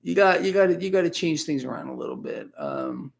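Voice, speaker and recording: Gravelly chatty male live streamer. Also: a little high, huge pitch swings, a little fast, few pauses. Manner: chatty, rambling, reads viewer comments aloud. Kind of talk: casual live chat with viewers.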